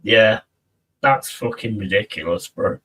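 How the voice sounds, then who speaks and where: A man's voice: fairly low pitch, unhurried, bright, forceful tone, breathy edge, recorded from a distance. A man chatting casually on a live stream, reading out and answering viewers' messages and swearing freely.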